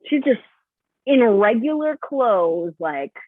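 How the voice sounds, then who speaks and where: A woman guest telling a story in a lively way during a casual interview over a video call. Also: on the high side, dry recording. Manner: lively storytelling, quick bursts. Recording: tinny dry call audio.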